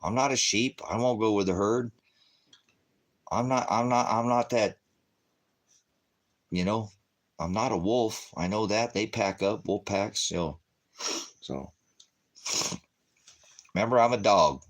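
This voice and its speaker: A man's voice: lowish voice, a little slow, pauses often. A middle-aged man preaching an informal, rambling testimony, often calling out to his brothers and sisters. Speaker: independent preacher.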